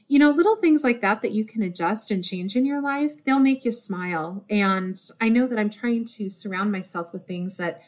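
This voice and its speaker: A woman's voice: medium pitch, moderate pace, few pauses. A woman hosting her own podcast, talking earnestly from the heart and getting teary, in a loose rambling monologue. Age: adult with a desk job. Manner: warm, earnest, easily moved to tears. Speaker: podcast host.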